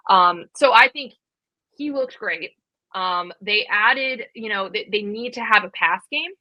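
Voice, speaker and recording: A woman in her thirties co-hosting a college football podcast, talking fast and casually with lots of fillers. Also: mid-range voice, sharp tone, dry recording, low-quality recording. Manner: quick, chatty, many fillers. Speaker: podcast co-host. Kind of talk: casual sports chat.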